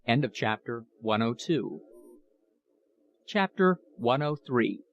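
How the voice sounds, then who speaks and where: A man's voice: medium pitch, animated, slow, dull audio. Man reading a classic novel aloud. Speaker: audiobook narrator. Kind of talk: scripted narration.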